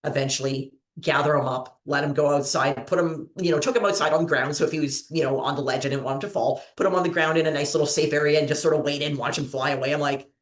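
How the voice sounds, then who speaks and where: A woman's voice: sits low, steady tone, fast talker, few pauses. A woman hosting a trivia show, chatting casually and telling rambling stories with frequent laughter. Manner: rambling, giggly storyteller. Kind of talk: casual chat and storytelling. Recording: roomy echo.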